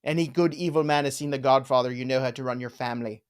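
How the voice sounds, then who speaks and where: A man's voice: mid-range voice, fast talker, clean tone. A man hosting a live fantasy football show, joking around and riffing on names in casual chat. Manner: playful, jokey, riffs on names.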